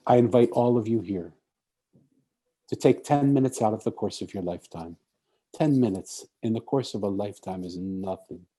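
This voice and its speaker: Low, mellow-voiced man telling a story. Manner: storytelling, acts out quoted speech. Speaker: speaker. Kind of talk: inspirational talk. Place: conference talk.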